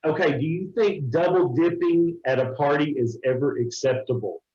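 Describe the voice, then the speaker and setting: A man with an Oklahoma accent interviewing a coworker with quick-fire questions, joking and laughing often. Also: on the high side. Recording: roomy, dull lo-fi sound.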